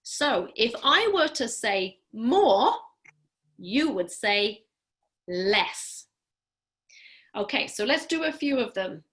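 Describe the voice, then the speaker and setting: Bright, encouraging woman speech therapist. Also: on the high side, big pitch swings. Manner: upbeat, encouraging, coaching a group; clear, deliberate, instructive delivery. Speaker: speech-language pathologist. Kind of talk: online class leading voice exercises. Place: home, during a live online program.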